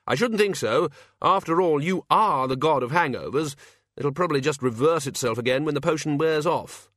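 A man voicing a crisp, no-nonsense young woman. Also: fairly high pitch, lively intonation, normal speed, fairly bright tone, no room sound, studio quality, voice pushed up. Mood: brisk.

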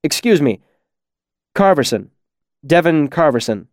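A man's voice: on the high side, big pitch swings, measured pace, no echo, studio quality, pitched above the performer's own voice. A man voicing a nervous male scribe who answers uncertainly. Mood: uneasy. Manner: uncertain, hesitant.

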